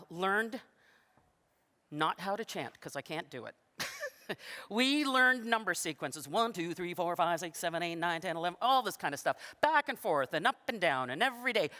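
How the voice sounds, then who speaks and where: A woman giving a storytelling keynote in a conference hall, animated and self-deprecating, often laughing between phrases. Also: fairly low pitch. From Canada. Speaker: keynote speaker. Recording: long reverb of a big hall.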